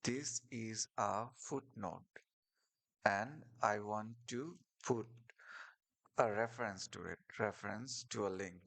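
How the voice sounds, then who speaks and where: A man's voice: fairly low pitch, takes it slowly, vocal fry, fairly bright tone. A man teaching a screen-share coding lesson, explaining step by step with fillers and restarts over keyboard clicks. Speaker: coding tutorial instructor.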